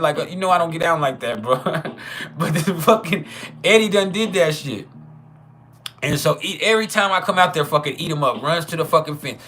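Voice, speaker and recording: A man's voice: on the high side, fairly quick, pushed and bright, a little hiss or hum. A man casually telling a personal story, profane and chuckling, with many trailing restarts. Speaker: channel host.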